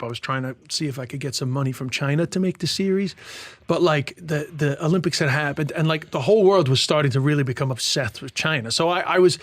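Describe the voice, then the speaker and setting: A male stand-up comedian from Ireland, telling stories fast in casual podcast chat and swearing freely. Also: on the high side, dry recording. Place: tent.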